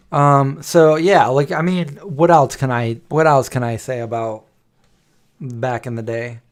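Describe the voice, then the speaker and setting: His mid-range voice stays fairly even, moving slowly with frequent pauses, as this man in his forties hosts a late-night livestream. Chatting casually, he rambles through playful nostalgic stories and sings old jingles.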